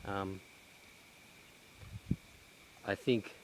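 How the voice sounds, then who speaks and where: A man vlogging outdoors in a cleared pine forest, talking in a reflective, halting way with many restarts, a little out of breath. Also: deep voice, fairly even intonation, slight background noise. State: slightly out of breath. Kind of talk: casual vlog monologue. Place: outdoors in a cut-down pine plantation.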